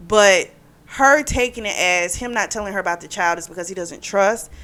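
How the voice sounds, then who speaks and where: A woman's voice: mid-range voice, normal speed, fairly bright tone. A woman casually recapping a romance novel for her book channel, chatty and full of fillers. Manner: chatty, retells plot with many fillers. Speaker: book reviewer.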